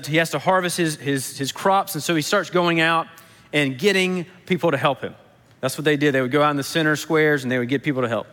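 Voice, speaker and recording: A man preaches in a relaxed, storytelling way, his voice sitting a little high for a man. A long reverb from a large hall trails every phrase. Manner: casual storytelling, acts out quotes. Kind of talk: sermon. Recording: echoey hall.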